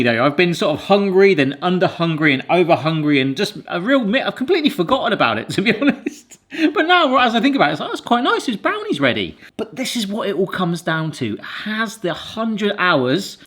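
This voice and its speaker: A man hosting a casual cooking vlog, chatty and quick to exclaim over the food. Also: on the high side. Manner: chatty, excitable, exclaims often. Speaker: cooking video host.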